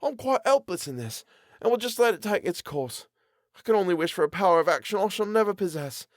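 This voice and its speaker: A man's voice: high voice, animated, a little fast, no room sound, studio quality, pitched above the performer's own voice. A man voicing a dejected young male barber's apprentice in an audiobook, gloomy and sarcastic. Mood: brooding. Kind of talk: audiobook character voice.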